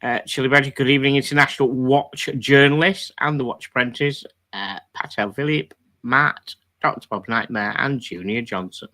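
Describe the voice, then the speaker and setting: Chatty live-stream host. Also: male voice, mid-range voice, moderate pace, bright, forceful tone. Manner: chatty, reads chat greetings aloud. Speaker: livestream host. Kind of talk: casual live-stream chat.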